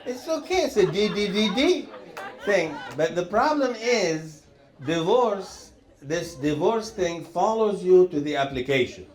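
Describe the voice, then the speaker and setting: A man doing a rambling stand-up routine, chuckling through his lines and stumbling over hesitant pauses. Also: high voice, very animated, a faint crowd. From Lebanon. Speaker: stand-up comedian.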